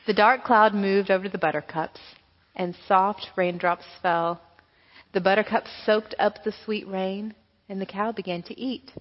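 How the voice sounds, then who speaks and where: A woman pastor reading a children's story aloud with expressive storytelling. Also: medium pitch, moderate pace. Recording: echoey hall, dull lo-fi sound.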